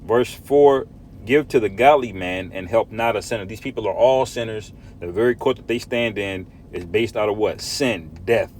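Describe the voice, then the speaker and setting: A man's voice: on the low side, moderate pace, a little mellow, a little hiss or hum. A man preaching from scripture, emphatic, often tagging lines with "man" and "all right?". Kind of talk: scripture teaching.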